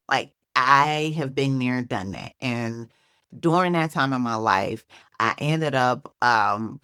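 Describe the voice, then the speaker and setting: A woman's voice: very deep voice, fairly bright tone, dry recording, studio quality. A woman with a Chicago accent talking casually to camera as a faith-based self-help speaker, peppering her talk with "like" and "right?". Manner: conversational, frequent "like" and "right?" tags.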